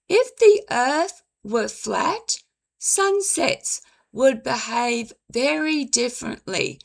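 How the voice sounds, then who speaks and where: A woman reading a slow, measured commentary script, her voice dry and now and then stumbling over words. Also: high voice, vocal fry, a bit bright. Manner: measured, deliberate, apologizes for stumbling. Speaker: commentary video host.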